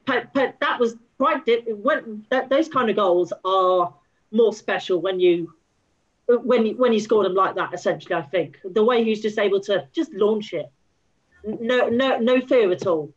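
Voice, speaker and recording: Woman co-host, mid-pitched, halting speech with restarts, muffled lo-fi video call sound. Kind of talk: casual football chat over a video call. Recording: dull lo-fi call audio.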